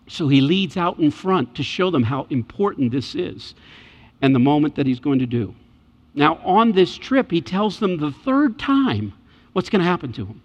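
Animated preacher in a reverberant church. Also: male voice, on the high side, normal speed. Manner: animated, acts out voices in scripture scenes. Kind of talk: sermon. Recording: muffled church hall reverb.

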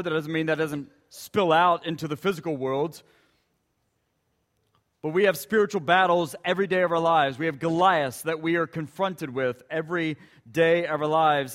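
A man's voice: a little high, steady tone, moderate pace, fairly bright tone. A male pastor preaching a sermon, telling stories with emphatic repetition. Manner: emphatic storytelling with dramatic repetition.

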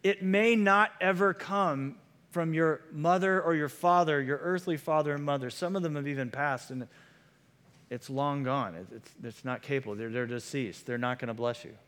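Male pastor, earnest sermon delivery, repeats for emphasis, higher-pitched, long church reverb. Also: moderate pace, a bit bright, clean tone.

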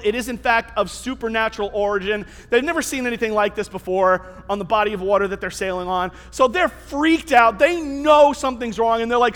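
A man preaching a sermon as a pastor, telling the story in an animated, conversational way. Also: very high-pitched, big-room sound.

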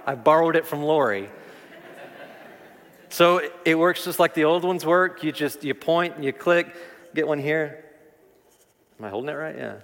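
A man preaching a sermon as pastor, talking conversationally, repeating words and rising with emphasis. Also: on the high side. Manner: conversational, animated preaching with repetitions. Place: church sanctuary. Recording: long reverb of a large hall.

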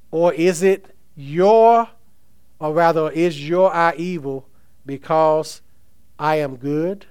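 Male pastor preaching with emphasis; somewhat high, clear and resonant voice. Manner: emphatic preaching, reads scripture aloud, asks the congregation questions. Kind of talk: sermon.

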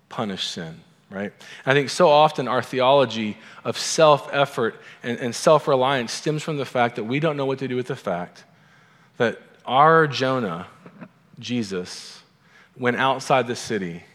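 A man's voice: mid-range voice, big-room sound. A male pastor giving a sermon in a conversational way, with wry asides to the congregation.

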